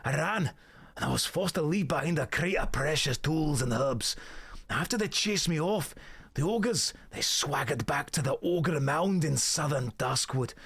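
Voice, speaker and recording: A man voicing an old male herb-gatherer in a put-on Scottish accent, reading game quest text aloud in a slow, theatrical way. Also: on the high side, lively intonation, a bit bright, husky, heavily acted. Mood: pleading.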